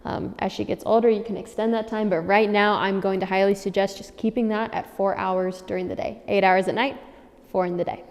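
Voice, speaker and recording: A woman dog trainer talking new owners through their puppy's routine in a firm, practical way. Her voice is mellow and dark, and it rings with a long reverb, as if she were recorded in a large hall. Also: mid-range voice, steady tone, a little fast. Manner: firm, repeats key warnings for emphasis. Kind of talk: instructional handover talk.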